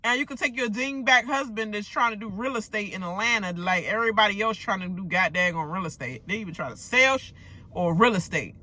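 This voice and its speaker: A woman giving a casual, profane, animated rant recapping a reality TV episode, with joking asides. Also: mid-range voice, fairly quick, dry recording. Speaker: TV recap vlogger.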